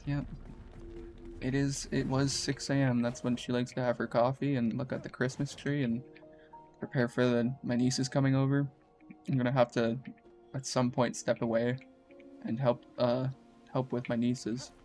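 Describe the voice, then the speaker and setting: A man's voice: mid-range voice, level tone, normal speed, a little mellow, faint music behind. A man, casually chatting while streaming a game, with a groggy just-woke-up voice and a rambling, slangy, laid-back way of talking. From Canada. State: groggy morning voice. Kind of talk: casual chat while gaming.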